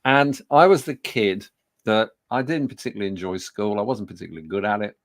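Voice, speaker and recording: A man's voice: on the low side, fairly quick, no room sound, studio quality. A man, telling self-deprecating stories in a business talk, with frequent fillers and restarts. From Birmingham, England. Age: 60s. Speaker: public speaking trainer. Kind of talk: storytelling business talk to an audience.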